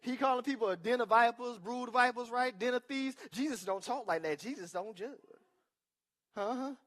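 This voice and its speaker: A man's voice: very high voice, moderate pace. Emphatic male pastor preaching. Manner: emphatic preaching with call-and-response asides; swings between loud declarations and quiet asides. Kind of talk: sermon.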